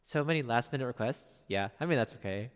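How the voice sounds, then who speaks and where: A man streaming piano requests, chatting casually and wryly with his chat in a soft, drifting way. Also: lively intonation, fast talker, clear, resonant tone, in a large hall. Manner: chatty, wry, drifts soft and low between songs.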